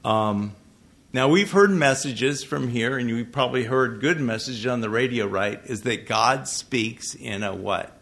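A man preaching to a congregation, talking to them conversationally and asking them questions, with sudden loud emphasis and frequent self-corrections. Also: mid-range voice, unhurried, creaky. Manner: restarts and self-corrections when tongue-tied. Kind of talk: sermon. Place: church hall with a congregation.

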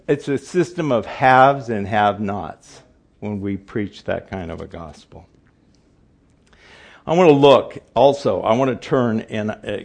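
A man's voice: lowish voice, vocal fry, a little mellow. An older man giving an informal Bible teaching, repeating his points for emphasis and often restarting his sentences.

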